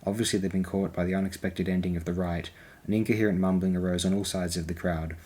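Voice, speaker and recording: Deep husky male audiobook narrator. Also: little pitch movement, fast talker, mellow.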